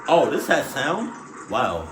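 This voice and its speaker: A man's voice: medium pitch, sing-song, slow, over music. Guy doing reaction vids, swears a lot, slangy, echoey room. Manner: slangy and profane, blurts reactions. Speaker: reaction video host. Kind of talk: casual reaction commentary. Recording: roomy echo.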